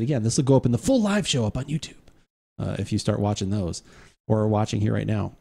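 A man's voice: medium pitch, gravelly, mellow, breathy edge. A man hosting a live beverage podcast stream, chatting casually, rambling and interrupting himself, often laughing. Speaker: podcast host. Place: home studio during a live stream.

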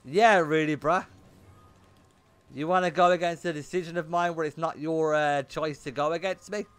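A man's voice: a little high, steady tone, moderate pace, clean tone, no echo. A young man streaming a game, chatting bluntly with his viewers and swearing often. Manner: blunt and swearing, talking to chat in bursts. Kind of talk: casual livestream chat while gaming.

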